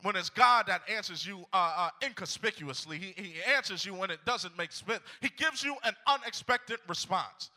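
A man's voice: high voice, animated, moderate pace, hardly any pauses, sharp tone. A man preaching a fervent sermon to a congregation, repeating his phrases and calling out to them. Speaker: pastor. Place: church sanctuary. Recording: long reverb of a large hall.

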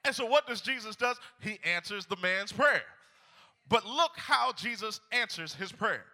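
Calling out to his congregation and repeating phrases, a male pastor delivers an impassioned sermon in a church sanctuary. He speaks a little slowly with a high-pitched, sharp voice and lively intonation, echoing with a large hall's long reverb.

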